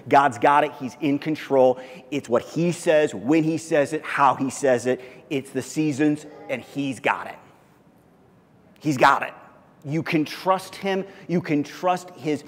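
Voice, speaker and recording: A pastor preaching a sermon, telling the story with animation and often repeating his words. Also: in a large hall. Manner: animated storytelling, repeats words, pitch climbs when excited. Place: church sanctuary.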